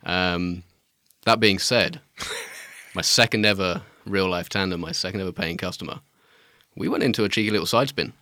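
A man's voice: deep voice, normal speed, pushed and bright, dry recording, studio quality. A man, a tandem skydiving instructor, talking in a laid-back way as a guest in a casual chat, laughing often.

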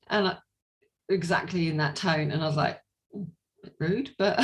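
A woman from England, an interview guest giving a personal testimony in animated storytelling with frequent laughter and fillers. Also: medium pitch, unhurried, long pauses.

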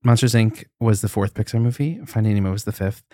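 A man's voice: fairly low pitch, quick pace, mellow, dry recording. A man co-hosting a casual podcast, trading playful quips and nerdy trivia. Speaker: podcast co-host.

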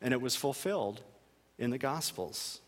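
A man's voice: medium pitch, expressive, moderate pace, big-room sound. A male pastor delivering a sermon in an earnest, emphatic way, repeating key phrases for weight.

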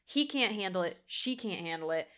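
A young woman co-hosting a casual movie talk, chatty and animated, swearing and laughing often. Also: medium pitch, a little fast, clean tone. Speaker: podcast co-host.

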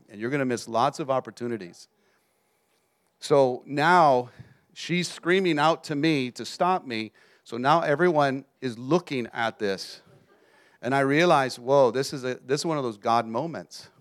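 A man preaching a sermon as an animated storyteller who keeps checking in with his listeners. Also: medium pitch, moderate pace. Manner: animated storyteller, often asks the audience "you understand?".

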